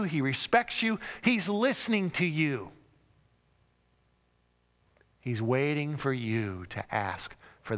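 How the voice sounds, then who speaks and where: A man's voice: fairly high pitch, a bit bright. A man preaching a sermon, telling the story dramatically and acting out the cries and crowd lines. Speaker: pastor. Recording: long hall reverb.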